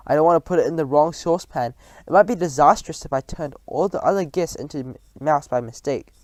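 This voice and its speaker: A man's voice: on the high side, a little fast, a little mellow, no room sound, close to an everyday voice. A man reading a storybook aloud, voicing a clever young boy turned into a mouse who speaks eagerly and earnestly.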